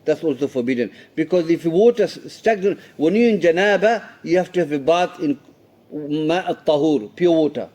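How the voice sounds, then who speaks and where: Guy teaching a class, kinda high voice, explains slowly, keeps asking "okay?", switches into arabic quotes. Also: expressive, a little mellow. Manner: explains in plain English, mixing in Arabic terms and quoted hadith recitation; repeats himself and checks understanding with "okay?". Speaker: Islamic studies teacher. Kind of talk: classroom lesson explaining hadith.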